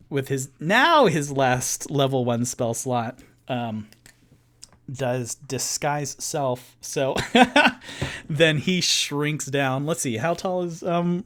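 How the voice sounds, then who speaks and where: A man narrates and hosts a live-streamed tabletop game in a loose, rambling style. He talks at a mid pitch and a relaxed, slow pace, full of fillers. He sounds like someone thinking out loud as he goes. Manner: casual, rambling, filler-heavy. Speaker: game master and show host.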